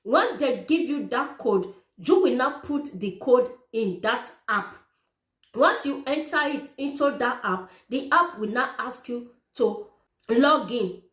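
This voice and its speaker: A woman's voice: fairly high pitch, animated, slow pace, fairly bright tone. A woman giving other parents earnest, repetitive step-by-step advice in direct address. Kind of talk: informal how-to explainer. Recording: echoey room.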